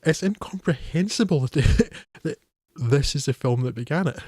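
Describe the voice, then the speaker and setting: A man's voice: a little high, lively intonation, moderate pace, a little mellow, slightly rough, no room sound, studio quality. A man co-hosting a film podcast, talking in a wry, hesitant way with many fillers. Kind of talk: casual film discussion.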